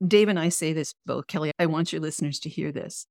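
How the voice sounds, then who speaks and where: A woman's voice: sits low, quick pace, a little mellow, no echo, clean studio sound. A middle-aged woman sharing an earnest, emotional personal faith testimony as an interview guest. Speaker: guest, author and coach.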